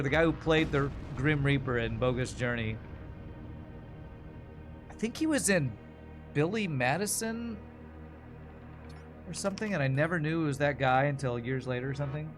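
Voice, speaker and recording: A man's voice: on the high side, lively intonation, moderate pace, long pauses, faint music behind. Chatty man streaming a game. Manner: chatty, answers viewer questions while playing. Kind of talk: casual gameplay commentary.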